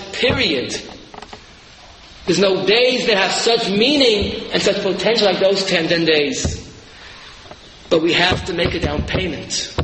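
A man preaching a lively sermon, telling parables and rising to shouted emphasis. His voice sits high and bright. A long echo fills the hall around him. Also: slight background noise. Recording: echoey hall.

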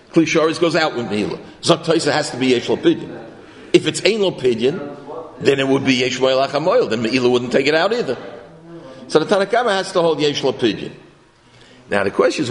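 A man teaching a Talmud class, talking his way through the argument by asking questions and correcting himself as he goes. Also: mid-range voice. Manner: animated, questioning, self-correcting. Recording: long reverb in a room.

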